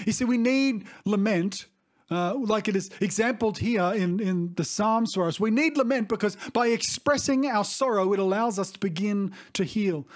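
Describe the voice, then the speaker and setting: A middle-aged man preaching a sermon as a pastor, earnest and reflective, often pausing to restate himself. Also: high voice. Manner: earnest, reflective, with frequent restarts and "you see".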